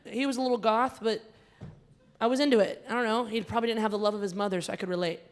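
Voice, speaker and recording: A woman's voice: a little high, fairly even intonation, fast talker, faint music behind. Chatty woman comedian teasing a gala crowd. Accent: American, Connecticut-like. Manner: chatty, teasing the audience directly. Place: large performance hall on stage. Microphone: handheld stage mic.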